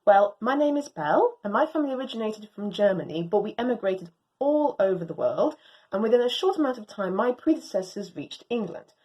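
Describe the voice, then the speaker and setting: A woman reading a storybook as an excitable, proud young female Doberman, speaking theatrically in grand old-fashioned phrases. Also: medium pitch, brisk, natural voice, rough recording.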